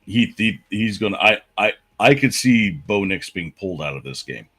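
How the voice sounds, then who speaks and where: Low-voiced dude calling football picks on a podcast, laid back. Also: male voice, moderate pace, husky. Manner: relaxed, runs through game picks, stumbles and restarts. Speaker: sports podcast co-host. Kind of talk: casual sports chat.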